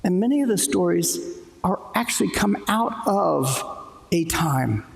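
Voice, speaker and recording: A pastor preaches in a church sanctuary, talking in a loose, conversational way and joking with the congregation. His voice sits high with lively intonation, a little slow, with vocal fry. It's a live church stream in an echoey hall with reverb.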